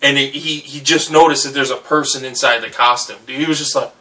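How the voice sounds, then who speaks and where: A young man telling a drunken story in casual, animated speech, swearing and asking "right?" again and again. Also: medium pitch, fairly quick, distant mic. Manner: animated, swearing, says "right?" and "dude" often. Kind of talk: casual anecdote.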